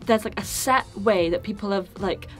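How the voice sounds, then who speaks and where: A woman's voice: mid-range voice, normal speed, faint music behind. A woman, a musical's co-writer, chatting casually and mocking herself with a laugh in an interview.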